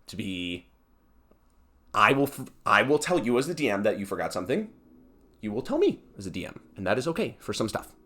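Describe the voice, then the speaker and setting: A man's voice: lowish voice, very animated, brisk, sharp tone. A young man hosting a solo podcast, ranting in a heated, exasperated way with sarcastic asides. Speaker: podcast host.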